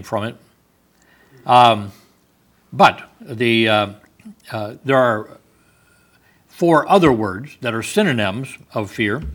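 A male Bible teacher giving a sermon-style lesson at an unhurried pace. His voice is bright and forward. He explains thoughtfully, with wry asides and soft chuckles. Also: mid-range voice.

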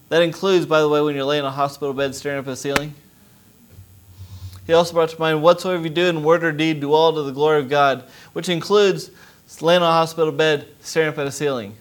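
A young adult man, a missionary preacher, giving an impassioned testimony sermon that rises to loud pleading. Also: on the high side, fairly even intonation, brisk.

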